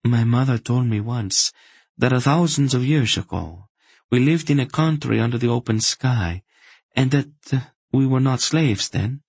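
A man's voice: mid-range voice, animated, moderate pace, gravelly, breathy edge, no room sound, voice pushed up. A man voicing a weary, bitter enslaved woman. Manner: tired, raised voice, soft. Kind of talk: audiobook character voice.

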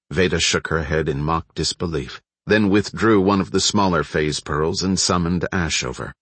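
A man narrating an audiobook in a steady, even storytelling manner. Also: low-pitched, normal speed, hardly any pauses, husky, no echo. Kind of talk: scripted narration.

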